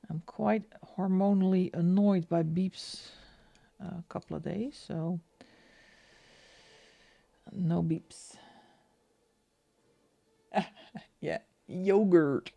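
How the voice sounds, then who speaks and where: A woman from the Netherlands with a Dutch accent colours on a live stream, chatting casually and often laughing as she reads the chat aloud. Her voice is lowish and darkish, with vocal fry.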